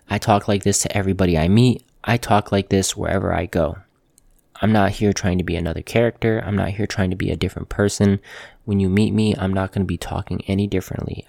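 A man who works as a tattoo artist, hosting a motivational talk to camera in a calm, earnest, plainspoken way, repeating phrases for emphasis. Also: sits low, vocal fry, no room sound. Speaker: tattoo artist, show host.

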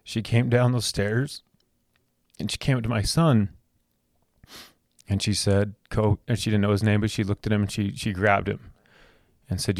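Speaking at a moderate pace in a level tone, this thirtysomething podcast host recounts something personal, his low voice sincere and full of feeling. His words come out in repeated restarts and stumbles, captured in a close, dry recording free of any room sound.

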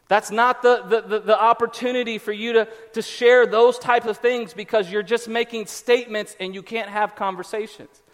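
A man preaching a conversational sermon as a pastor, acting out quick quotes as he goes. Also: high voice, a bit bright. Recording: reverberant hall.

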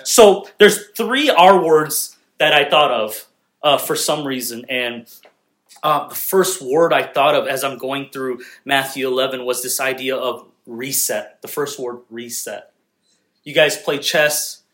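A man's voice: mid-range voice, measured pace, fairly bright tone. A young man preaching a sermon in a conversational, joking manner, talking directly with the congregation. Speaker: pastor.

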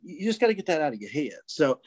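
A man, a guest telling a hunting story in a casual, animated way and acting out voices and calls. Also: fairly high pitch, fast talker, slightly rough. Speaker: guest turkey hunter.

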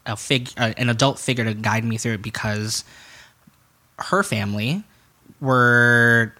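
Frank young man with a bright voice. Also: mid-range voice, a little slow. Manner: frank, swears freely, acts out what others said. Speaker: podcast guest. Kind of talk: candid conversational storytelling.

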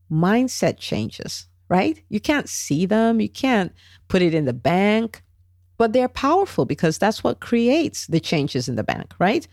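A woman hosting a solo podcast, coaching in an animated, chatty way and checking in with "right?" and "okay?". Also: medium pitch, no echo, clean studio sound. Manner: animated, acts out quoted voices, tag questions. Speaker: podcast host, business coach.

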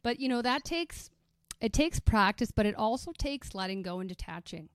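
Woman sales coach, fairly high voice, emphatic, dry close sound. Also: no echo. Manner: animated, emphatic, quick restarts. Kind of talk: casual podcast conversation.

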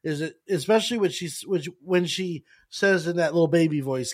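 Man, high voice, podcast host, halting questions, casual film talk. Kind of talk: casual film review chat.

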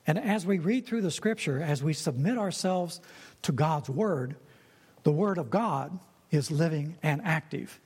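Man preaching, earnest, fairly high voice, slightly husky, long hall reverb. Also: expressive, a little slow, darkish tone. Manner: earnest, repeats phrases for emphasis. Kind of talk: sermon.

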